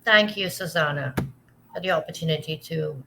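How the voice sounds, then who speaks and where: A woman co-hosting a live talk show, who talks in a warm, effusive and gushing way. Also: low voice, normal speed, background noise. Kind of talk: casual live show chat.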